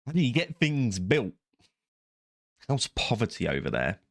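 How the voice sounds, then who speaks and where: A man's voice: medium pitch, big pitch swings, measured pace, no echo, studio quality. A young man hosting a reaction video, rambling casually with sarcastic, self-mocking asides. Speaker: YouTube reaction host.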